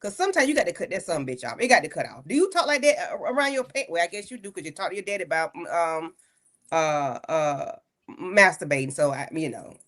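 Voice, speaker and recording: Animated blunt woman hosting a recap panel. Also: fairly low pitch, quick pace. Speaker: livestream panel host. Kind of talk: casual reality-show recap chat.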